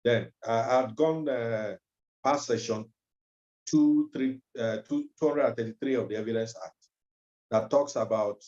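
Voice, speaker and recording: A man gives a legal training lecture in a measured way, often pausing with ums and uhs. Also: medium pitch, a little mellow. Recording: dull lo-fi recording.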